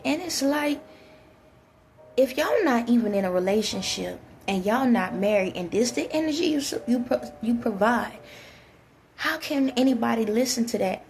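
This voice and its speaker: Woman vlogger, gravelly and a little rough, talks blunt relationship advice straight to camera, faint hiss behind. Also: a little high. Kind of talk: casual spoken advice to viewers.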